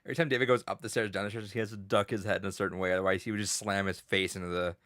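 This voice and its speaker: A man with a low, bright and forceful voice, chatting eagerly and joking on a podcast. The sound is close and dry. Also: steady tone, rapid-fire, dry recording. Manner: chatty and enthusiastic, jokes with co-hosts. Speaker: podcast co-host. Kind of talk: casual podcast chat.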